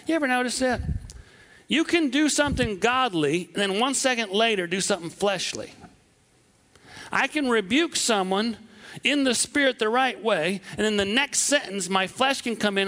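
A man from southwest Wisconsin preaching a sermon, animated and acting out the voices he quotes. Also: high-pitched.

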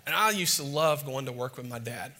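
A man from the States, preaching a sermon as an animated, self-mocking storyteller before a live audience. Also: mid-range voice, brisk, big-room sound. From Southern United States.

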